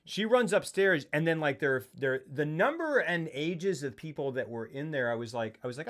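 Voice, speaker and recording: A man's voice: fairly high pitch, animated, normal speed, hardly any pauses, fairly bright tone. A man co-hosting a casual film talk show, rambling and acting out movie quotes in funny voices. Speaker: podcast co-host.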